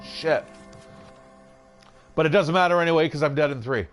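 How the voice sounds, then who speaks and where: Guy doing chill gameplay commentary, cussing a lot, reads game text out loud. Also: fairly high pitch, lively intonation, normal speed, pauses often, soft background music. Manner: swears freely while reading card text aloud. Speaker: gaming channel host.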